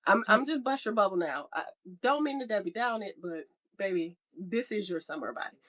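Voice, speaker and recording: A woman's voice: medium pitch, animated, fairly quick, fairly bright tone. A woman co-hosting a podcast in casual chat, rambling and playful, laughing often. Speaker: podcast co-host.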